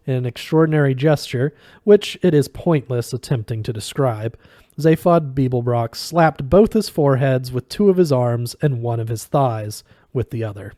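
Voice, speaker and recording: A man reading a novel aloud with measured, expressive narration. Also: medium pitch, no room sound, studio quality. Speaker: reader.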